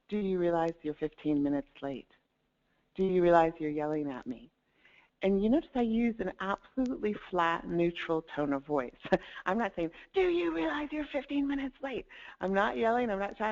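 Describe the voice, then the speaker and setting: A woman coach giving a webinar talk, upbeat, laughing lightly between points and demonstrating tones of voice. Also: fairly low pitch. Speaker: life coach presenting a webinar. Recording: dull lo-fi webinar audio.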